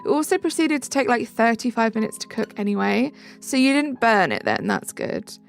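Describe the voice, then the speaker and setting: A woman's voice: on the high side, animated, normal speed, gravelly. A young woman from England, live streaming and chatting back to viewer comments in a casual way. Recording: faint music behind.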